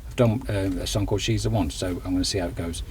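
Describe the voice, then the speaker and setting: A man's voice: low-pitched, fairly even intonation, fast, darkish tone, a little hiss or hum. A man busking on a town street, chatting to his camera and to passers-by in a friendly, rambling way. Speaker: busker and singer-songwriter. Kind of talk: casual vlog chat and street busking patter.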